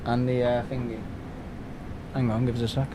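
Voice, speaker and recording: A man's voice: medium pitch, little pitch movement, moderate pace, background noise. A man from England chatting casually and rambling on a live game stream from home, with lots of restarts and fillers.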